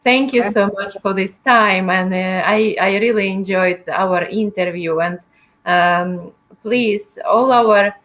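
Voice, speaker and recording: A woman hosts a casual interview in a mid-pitched voice. She talks in a friendly way and searches for words as she asks her questions. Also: steady tone, a bit bright, low-quality recording. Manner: friendly, halting, with many fillers. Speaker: interview host. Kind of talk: casual video-call interview.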